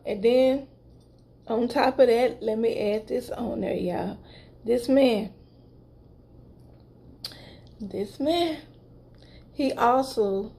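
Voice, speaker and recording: A woman's voice: on the high side, darkish tone. A woman vlogger casually telling her viewers a story, retelling conversations with lots of asides.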